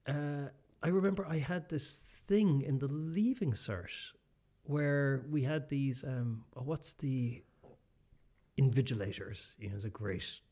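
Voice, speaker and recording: A man's voice: medium pitch, slow, mellow. Rambling Irish man telling a story. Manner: rambling storyteller, many restarts and fillers. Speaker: podcast co-host. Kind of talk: casual chat.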